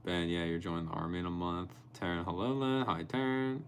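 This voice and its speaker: A young man with a low voice hosts a casual live stream at a fairly quick pace, with slight background noise. He reads his viewers' chat comments aloud and answers them by name, sometimes getting animated while telling a story.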